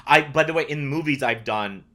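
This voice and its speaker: A man guesting on a podcast as an actor, talking in an earnest, animated way in casual interview chat. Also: a little high, fairly quick.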